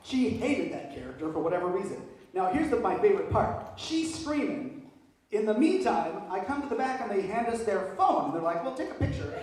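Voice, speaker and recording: A man's voice: high-pitched, brisk, heavy reverb, far from the mic, slight background noise, rough recording. A man doing stand-up, telling stories with lots of energy and laughing through them. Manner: animated, laughing through his own stories. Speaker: stand-up comedian. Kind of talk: stand-up storytelling.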